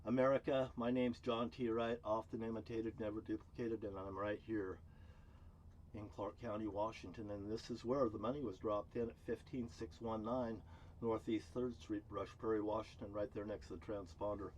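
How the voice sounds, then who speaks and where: This vlogger, a man, delivers a profane, furious rant to camera beside a cruise ship terminal, speaking at normal speed in a level tone. He veers between loud outbursts and low mutters, and a little hiss or hum can be heard.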